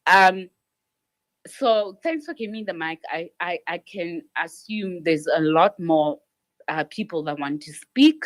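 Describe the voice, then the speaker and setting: A woman's voice: on the low side, lively intonation, measured pace. A woman speaking up in a live audio chat room, frustrated and pleading, often repeating herself. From South Africa. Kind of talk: emotional spontaneous speech.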